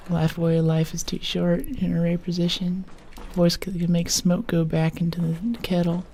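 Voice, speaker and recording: A woman from the United States streaming a game in a soft-spoken ASMR style, rambling playfully and often dropping to a whisper. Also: fairly low pitch, flat delivery, normal speed, few pauses, a little hiss or hum.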